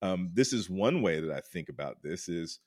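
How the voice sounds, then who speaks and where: A man speaking as a counselor in a candid interview, informal and rambling, often asking "right?" and getting loud and high when excited. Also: normal speed, dry recording, clean studio sound. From United States. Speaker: counselor and podcast guest.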